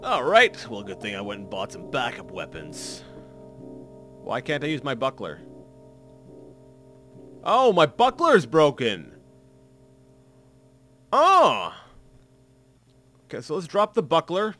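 A man's voice: mid-range voice, sing-song, normal speed, pushed and bright, faint music behind. A man in his thirties giving rambling, self-mocking commentary while playing a game, full of restarts and fillers. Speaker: let's play commentator. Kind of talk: gameplay commentary.

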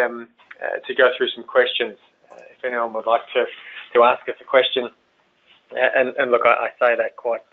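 An Australian man hosts a webinar question session in a chatty, hesitant way, full of fillers and repeated words. His voice comes through a tinny, phone-like line. His pitch sits in a middle range. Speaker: webinar host. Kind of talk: hosting a webinar Q&A.

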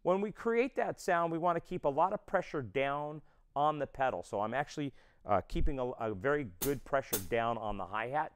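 A man's voice: medium pitch, expressive, moderate pace, a little hiss or hum. A man teaching a drum lesson, explaining step by step and counting beats aloud. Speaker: drum instructor.

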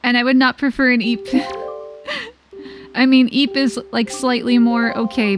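A woman streamer chatting casually with her viewers during a gameplay livestream, bubbly and quick to giggle. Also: on the high side, fairly even intonation, faint music behind. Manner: bubbly, giggly, talks to chat.

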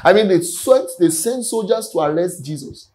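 A man's voice: high voice, lively intonation, moderate pace, mellow, poor audio. A man preaching a sermon earnestly, often repeating his words. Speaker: pastor. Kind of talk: sermon teaching.

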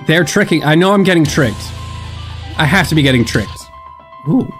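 A young man with a stuffed-up nose, hosting a casual music reaction with excitable, musing commentary. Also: fairly high pitch, normal speed. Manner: excitable, laughs often, muses aloud. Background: faint music.

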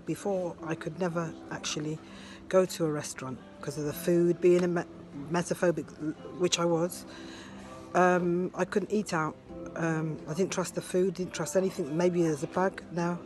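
A woman in her fifties recording a personal video diary on her handheld phone, talking in a heartfelt, halting way with many fillers. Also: fairly low pitch, steady tone, over music. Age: 50s. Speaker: video diarist. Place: ski resort and restaurant abroad.

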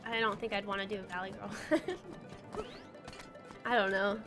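A woman's voice: medium pitch, fairly even intonation, normal speed. A young woman streaming a game and chatting casually with her viewers, bubbly and giggly, with lots of "like" fillers. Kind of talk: casual chat while livestreaming a game. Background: faint game music.

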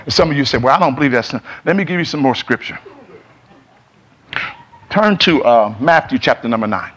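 A middle-aged pastor preaches in call-and-response style in a church sanctuary, asking the congregation to echo him. His mid-range voice is fairly quick and fairly bright, with lively intonation.

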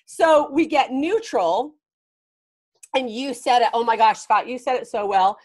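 Animated woman life coach, rather high. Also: unhurried. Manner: animated and emphatic, laughing often. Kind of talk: casual podcast interview.

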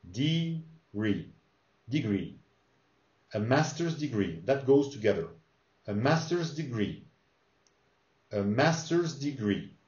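A man teaches an English lesson, modelling each phrase slowly and repeating it for learners to copy. His voice sits at a middle pitch. The recording is roomy and a little dull. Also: a little mellow. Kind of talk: English lesson with pronunciation drills. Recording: roomy, slightly dull sound.

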